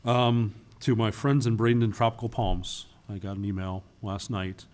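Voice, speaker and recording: Deep-voiced joking councilman. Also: steady tone, normal speed, darkish tone. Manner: friendly, joking asides. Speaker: city council member. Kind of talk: council meeting remarks. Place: council chamber.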